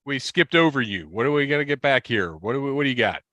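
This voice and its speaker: A man co-hosting a podcast in casual chat, animated and quick to exclaim. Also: mid-range voice, no room sound. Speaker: podcast co-host.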